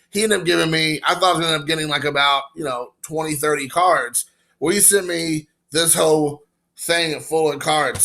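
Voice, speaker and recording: Casual card vlogger, man in his forties from Indiana; gravelly, bright, gushing and rambling. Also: a little high. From Indiana, USA. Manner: excited, emotional, rambling with fillers. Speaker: baseball card collector vlogger. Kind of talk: casual card-opening vlog.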